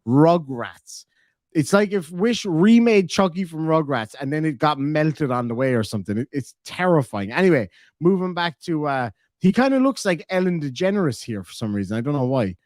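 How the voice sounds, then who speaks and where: A man's voice: fairly high pitch, big pitch swings, moderate pace, a little mellow, no room sound, studio quality. A man with a Cork Irish accent chatting on a live stream, reading donations and reacting with sweary, joking banter.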